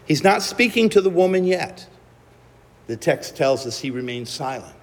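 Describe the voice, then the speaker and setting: A man preaching a sermon, telling the story slowly and dramatically with acted-out quotes. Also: on the high side, sing-song, big-room sound.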